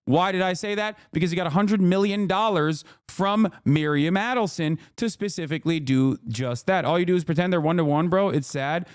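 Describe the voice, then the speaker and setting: A man's voice: high-pitched, fairly quick, hardly any pauses, clean tone, dry recording, studio quality. A man in his thirties streaming, ranting furiously and profanely at his chat. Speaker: political streamer. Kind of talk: angry rant at chat.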